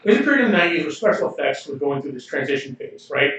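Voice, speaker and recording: A man with a fairly high, sing-song voice talks rapid-fire with a slightly bright tone, co-hosting a podcast where he chats casually, gives strong opinions, and laughs often. The livestream audio is roomy, distant, and a little dull.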